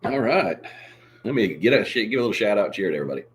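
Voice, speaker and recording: A hoarse man hosting a casual live stream, coughing now and then and reading out viewer comments in a showy way. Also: fairly low pitch, big pitch swings, racing.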